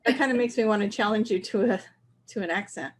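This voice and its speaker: A woman with a Southern US accent chats brightly as co-host of a casual live stream. Her voice sits at an everyday pitch, and she keeps the talk moving by reading out names from the chat. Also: fast talker. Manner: upbeat, reads out viewer comments.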